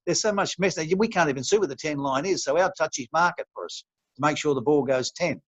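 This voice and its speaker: A man's voice: a little high, fast talker, a bit bright, dry recording. An older Australian man quoting a friendly blunt referee. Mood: explaining. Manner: lifted, chatty quoting voice. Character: New Zealand referee, a middle-aged man, friendly and blunt. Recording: dull lo-fi recording.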